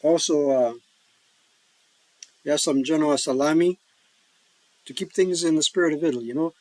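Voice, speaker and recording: A man's voice: on the high side, moderate pace, a little mellow, no echo, rough recording. A man casually talking through a solo board wargame, joking and rambling with folksy asides. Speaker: board wargame player and host. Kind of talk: casual solo-play commentary.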